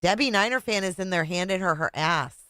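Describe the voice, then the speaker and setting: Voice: medium pitch, expressive, fairly quick, pushed and bright, smooth, no echo. A livestream commentator reacting to a played clip with sarcastic, heckling asides.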